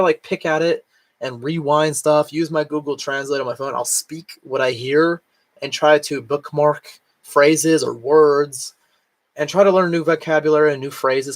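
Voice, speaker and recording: Rambling vlogger man with a worn voice. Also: fairly high pitch. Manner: rambling, filler-heavy with frequent "like". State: recovering from lost voice, can't reach high notes. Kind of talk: casual chat. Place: home, cat nearby.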